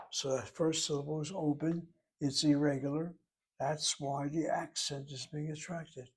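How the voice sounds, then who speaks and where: Male grammar teacher, husky voice, patient step-by-step explainer. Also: on the high side, a little mellow. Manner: methodical, explains word by word and letter by letter. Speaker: Hebrew teacher. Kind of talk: grammar lesson.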